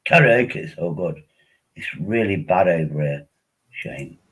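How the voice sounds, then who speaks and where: Man, deep, raspy, tipsy livestream host, rambling, joking. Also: animated, measured pace, fairly bright tone, poor audio. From England. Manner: rambling, joking, repeats himself. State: tipsy on wine. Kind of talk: casual livestream chat.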